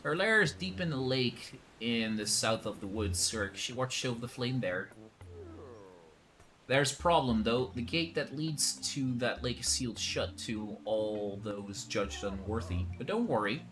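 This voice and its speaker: A man's voice: mid-range voice, expressive, unhurried, a bit bright. A man voicing an old, drowsy male tree-spirit hermit in a put-on old-man accent, rambling like a conspiratorial storyteller. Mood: folksy.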